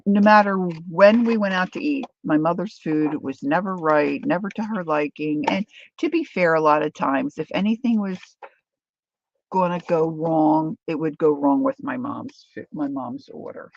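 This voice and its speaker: A middle-aged woman with a gravelly voice, telling a family story in a chatty, animated way while she crafts. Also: sits low, normal speed, muffled recording. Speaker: craft vlogger.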